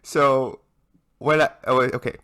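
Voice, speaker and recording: A young man from Hong Kong, a podcast host telling a story in casual chat with lively restarts. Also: medium pitch, a little slow, smooth. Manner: animated storyteller, many restarts.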